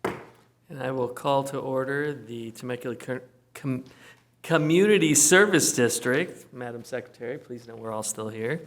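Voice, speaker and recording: A man presides over a district board meeting, reading through agenda items briskly and with dry humor. His voice sits in the middle range. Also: medium pitch. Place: council chamber.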